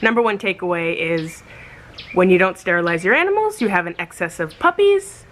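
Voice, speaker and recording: A young American woman vlogging casually about rescue puppies, chatty, sometimes breaking into high baby talk for the dogs. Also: lively intonation, brisk, fairly bright tone, a little hiss or hum. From United States. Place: animal shelter, outdoors.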